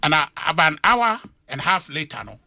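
A man's voice: a little high, fast, creaky, no room sound, studio quality. A middle-aged Ghanaian man hosting a radio talk show, speaking emphatically and switching between English and Twi. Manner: emphatic, lively, code-switching. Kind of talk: animated radio discussion mixing English and Twi.

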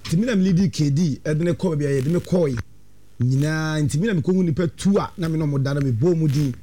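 A Ghanaian man speaks as a talk-show guest, telling his story in an animated way. He talks quickly in a slightly high voice with a dark, mellow tone. He sometimes acts out dialogue as he goes. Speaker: studio guest.

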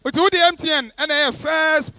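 A man's voice: extremely high pitch, fairly even intonation, fairly quick, pushed and bright, no room sound. A man hosting a promotional event as MC, upbeat and hyping the crowd. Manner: upbeat, hyping, switching into English.

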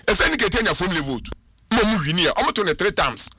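A man on a radio talk show, a studio guest insisting on his predictions with animated, sing-song emphasis. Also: high-pitched, fairly quick, slightly rough. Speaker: studio guest giving prophecies.

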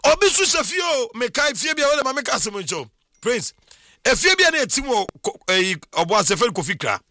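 A middle-aged man from Ghana telling his own life story in a casual, animated monologue with frequent exclamations. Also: very high-pitched, a little fast, dry recording, studio quality. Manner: animated, exclaiming, laughs often.

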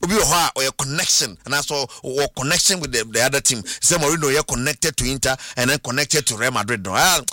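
A man with a Ghanaian accent hosting a radio sports show, animated and playful, sometimes breaking into sung bits. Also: medium pitch, fast, few pauses, no echo, studio quality. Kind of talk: sports talk radio, mixing Twi and English.

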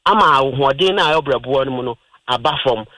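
A man's voice: medium pitch, quick pace, a bit bright, no echo, rough recording. A man with a Ghanaian accent explaining liver disease on a radio health talk, lecturing patiently with everyday examples. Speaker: health expert guest on radio. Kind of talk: radio health talk, mixing Twi and English.

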